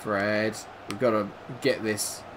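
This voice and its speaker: A young man commentating his own football video game, calm between plays and shouting when goals go in. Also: on the low side, slow pace, a little hiss or hum. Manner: excitable, shouts at goals, dry jokes. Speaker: gaming YouTuber. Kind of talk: gameplay commentary.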